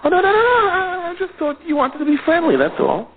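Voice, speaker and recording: A man voicing a prying middle-aged male shopkeeper in a high, sing-song tone, heard in a sermon story. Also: very animated, fairly quick, a loud crowd. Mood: innocent. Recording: tinny phone-like audio.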